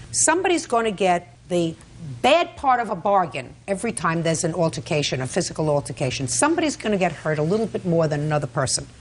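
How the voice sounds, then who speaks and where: A woman's voice: lowish voice, slight background noise. Blunt scolding woman judge. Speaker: television court judge. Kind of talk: courtroom ruling and questioning. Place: television courtroom.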